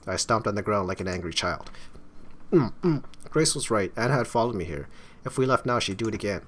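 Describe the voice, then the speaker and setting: Low-voiced man with wry, stumbling asides. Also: expressive, a little fast, a little hiss or hum. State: strained throat. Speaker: gaming YouTuber. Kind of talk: casual let's-play commentary and narration.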